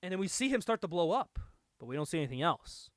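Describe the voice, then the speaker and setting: A young man hosting a podcast, casually recapping a comic book, animated and laughing often. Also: fairly high pitch, quick pace, no room sound, studio quality. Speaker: podcast host.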